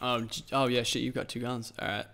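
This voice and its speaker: A young man hosting a casual gaming session with friends, loud, excitable and swearing often. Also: medium pitch, fairly quick, gravelly. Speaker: gaming channel host.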